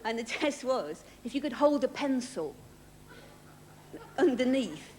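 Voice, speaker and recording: A woman's voice: high-pitched, expressive, unhurried, darkish tone. A woman comedian doing a stand-up routine on a large theatre stage, with a dry, self-deprecating delivery. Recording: noisy 1980s television broadcast with audience.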